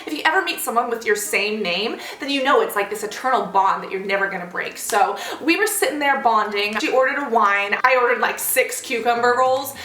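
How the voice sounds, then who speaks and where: A young woman telling a story on her vlog in a lively way, with big jumps in pitch when she acts out quotes. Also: fairly quick, few pauses, roomy sound, poor audio. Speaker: vlogger.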